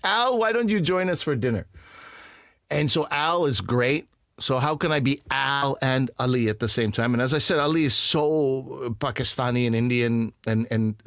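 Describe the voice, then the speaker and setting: Lively, self-mocking storytelling man. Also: mid-range voice, normal speed, no room sound, clean studio sound. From Canada. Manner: animated, self-mocking, acts out other voices. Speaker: comedian guest. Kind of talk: casual storytelling interview.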